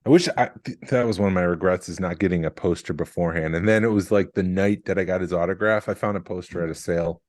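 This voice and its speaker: Low-voiced man in dry, joking chat. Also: fast, few pauses, darkish tone, no echo. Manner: dry, self-mocking humor. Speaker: podcast co-host. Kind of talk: casual chat.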